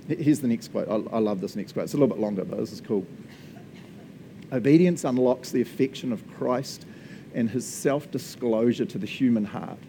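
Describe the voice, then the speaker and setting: A man giving a laid-back New Zealand pastor's sermon in a warm, mellow mid-range voice, with a faint hum in the background. He talks like he's chatting with friends, cracking jokes at himself and laughing between points. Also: medium pitch. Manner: chatty, jokey, laughs often, says "eh" and "man". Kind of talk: conversational sermon.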